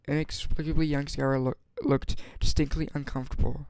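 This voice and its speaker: A man's voice: mid-range voice, flat delivery, a little mellow, dry recording. A man reading a novel aloud as an amateur, stumbling and restarting words often. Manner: halting, frequent stumbles and restarts. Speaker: audiobook reader.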